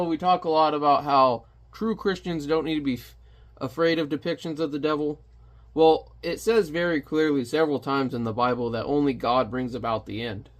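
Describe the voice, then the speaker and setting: A man giving a casual comic review, narrating panels animatedly and throwing in sound effects. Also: medium pitch.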